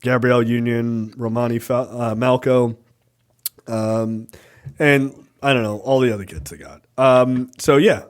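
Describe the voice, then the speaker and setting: A man's voice: medium pitch, steady tone, unhurried, clear, resonant tone. A man in his thirties co-hosting a podcast, casually retelling a movie with lots of swearing and laid-back storytelling. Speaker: podcast co-host. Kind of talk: casual movie review chat.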